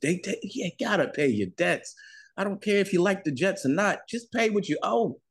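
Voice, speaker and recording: Playful guy on a podcast, pitch jumps all over, dry close sound. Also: breathy edge, dry recording. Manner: playful, animated, quick joking asides. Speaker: podcast co-host. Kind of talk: casual podcast banter.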